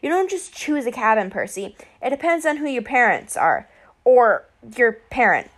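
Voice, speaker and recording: A woman's voice: fairly high pitch, very animated, normal speed, a bit bright. A woman voicing a clever, serious teenage girl who explains things patiently in an audiobook. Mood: earnest. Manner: earnest, matter-of-fact. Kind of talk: audiobook character voice.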